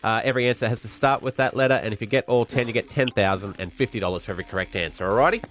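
A man's voice: mid-range voice, very fast, a bit bright. A man co-hosting breakfast radio, teasing a caller in an upbeat way and laughing easily. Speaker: radio co-host. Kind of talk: hosting a radio phone-in game.

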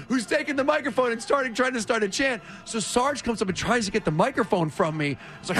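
A sports radio co-host, a man with a high, bright-sitting voice, spins a story in a loose, animated ramble. He keeps tossing in "like" as he talks in the studio. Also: a little fast, few pauses. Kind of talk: casual chat, storytelling.

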